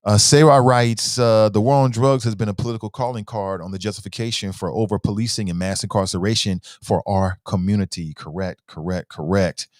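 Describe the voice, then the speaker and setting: A man's voice: lowish voice, fairly even intonation, brisk, few pauses, a little mellow, dry recording. A man hosting a talk show in a casual livestream commentary style, reading viewer comments aloud and often starting with "uh", then stressing words as he argues his points.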